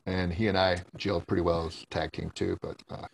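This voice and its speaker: A man with a very low, gravelly voice, easygoing and chatty as a podcast guest. He tells his stories loosely, laughs between lines and drops casual swears. A faint hiss sits under the voice. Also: flat delivery, brisk, rough recording. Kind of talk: casual storytelling chat.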